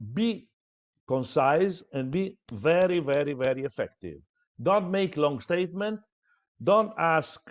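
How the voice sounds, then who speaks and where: A man teaching public speaking in a training lecture, stressing points by repeating words. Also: fairly high pitch. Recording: dull lo-fi sound.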